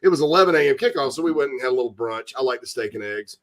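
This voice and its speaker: A man hosting a casual sports talk radio show from the American South, chatty and animated, slipping into mock voices. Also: mid-range voice, rapid-fire. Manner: animated, breaks into loud mock voices and laughter.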